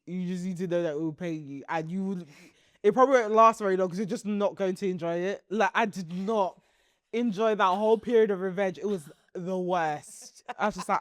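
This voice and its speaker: A young woman co-hosting a podcast, telling stories in casual chat, laughing often and jumping into high, loud bursts. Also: brisk, no echo, studio quality. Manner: animated storytelling, laughing often, swings into high shrieks. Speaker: podcast co-host.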